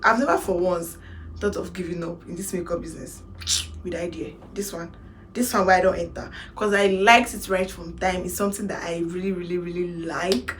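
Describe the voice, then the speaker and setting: A woman in her twenties with a Nigerian accent, telling her own story in a casual vlog, animated and slipping into Pidgin phrases. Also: on the low side, slight background noise. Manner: animated, mixes in Pidgin, laughs to hold back tears. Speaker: makeup artist vlogger.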